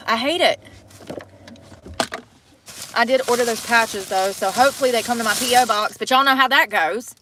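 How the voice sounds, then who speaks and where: A woman's voice: a little high, moderate pace, pauses often, noisy background. Chatty woman on a livestream. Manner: rambling, chatty, talks to viewers while out on errands. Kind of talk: casual live-stream chat.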